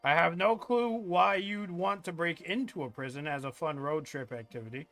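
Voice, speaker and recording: High, bright-voiced male streamer. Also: normal speed, faint music behind. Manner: reads game text aloud with joking asides and swearing. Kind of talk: live-stream game commentary.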